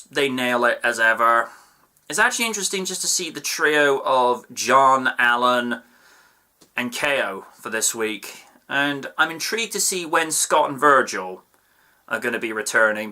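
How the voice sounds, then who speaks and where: A man reviews a cartoon episode in a casual video. He wanders into playful asides as he goes. His voice is bright and tense, at a middling pitch. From United Kingdom. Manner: chatty, with playful asides and digressions.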